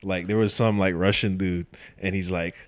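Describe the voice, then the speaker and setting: A man's voice: sits low, fairly even intonation, normal speed. A young man from Atlanta, a rapper and producer, talking casually in an interview, laid-back and full of "like" and "you know". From Atlanta, Georgia. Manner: laid-back, heavy use of "like" and "you know", laughs often.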